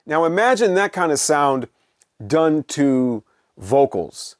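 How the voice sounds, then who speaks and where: A blunt, opinionated middle-aged man rambling through a casual review, full of fillers, restarts and exasperated asides. His voice sits a little high for a man, and it is recorded close and dry with no room sound. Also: sing-song, takes it slowly, no room sound. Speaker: vinyl collector vlogger.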